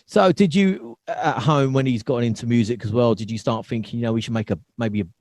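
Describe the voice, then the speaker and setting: A man's voice: medium pitch, fairly quick, a little mellow, no room sound. A male podcast host asks his questions in a loose, hesitant way, circling around before landing on them. His voice sounds dry and close. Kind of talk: casual interview.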